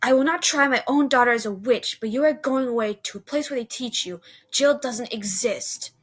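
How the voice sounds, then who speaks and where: A woman voicing a stern, angry father who is close to shouting in a storybook reading. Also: on the high side, animated, normal speed, husky, exaggerated voice.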